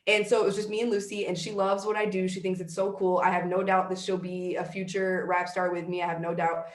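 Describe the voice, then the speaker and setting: A woman's voice: on the low side, flat delivery, fairly quick, reverberant. A woman in her thirties giving a fired-up motivational talk as a guest leader, casual and emphatic, full of "like". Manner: emphatic, conversational, fillers like "like". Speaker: guest network-marketing leader.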